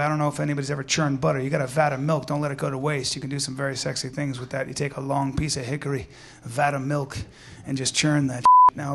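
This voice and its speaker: A man doing a crude, playful stand-up bit that swings from quiet to loud. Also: medium pitch, gravelly. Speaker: stand-up comedian. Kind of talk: stand-up comedy routine.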